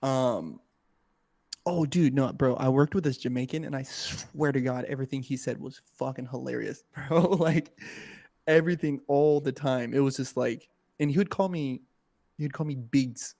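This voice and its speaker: A man co-hosting a casual podcast, an animated storyteller who laughs often and swears freely. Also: mid-range voice, normal speed, creaky. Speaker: podcast co-host.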